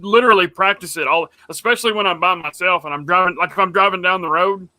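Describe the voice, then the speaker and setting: A man co-hosting a casual podcast chat, rambling and animated as he tells stories. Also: sits high, quick pace, dry recording. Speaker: podcast co-host.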